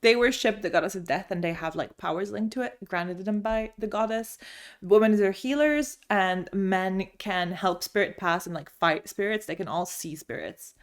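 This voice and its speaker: In a sun-filled room at home, a young woman vlogs about the books she read this month, gushing and chatty, frequently starting sentences over. Her voice is mid-range and her pace is normal.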